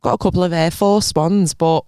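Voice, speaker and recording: A woman, co-hosting a podcast in casual chat with quick teasing one-liners. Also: lowish voice, steady tone, darkish tone, clear, resonant tone, no room sound, studio quality. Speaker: podcast co-host.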